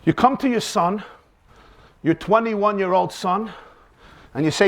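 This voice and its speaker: At a moderate pace, a man with a high-pitched, slightly bright voice teaches as a rabbi. His lecture on faith mixes acted-out stories with rhetorical questions, all delivered dramatically and with emphasis.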